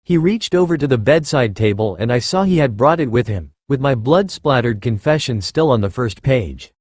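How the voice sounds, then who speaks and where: A man narrating a first-person fan fiction story in an expressive reading style. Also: medium pitch, moderate pace, no echo, studio quality.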